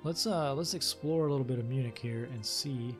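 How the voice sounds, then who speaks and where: Man from louisiana, let's play host, reads game story aloud, casual ums and uhs, mid pitch. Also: fairly quick, over music. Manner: laid-back, thinks aloud with frequent ums and uhs. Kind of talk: reading game text aloud with casual commentary.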